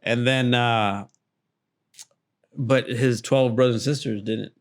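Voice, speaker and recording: A man's voice: medium pitch, steady tone, slow pace. A young man, a podcast guest, chatting casually and dropping joking asides. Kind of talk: casual chat.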